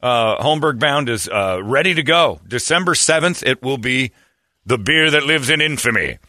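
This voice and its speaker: A man's voice: medium pitch, lively intonation, moderate pace, bright, forceful tone, no echo, studio quality. A man hosting a radio show, telling self-deprecating stories and acting out the people he quotes. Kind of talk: casual storytelling on morning radio.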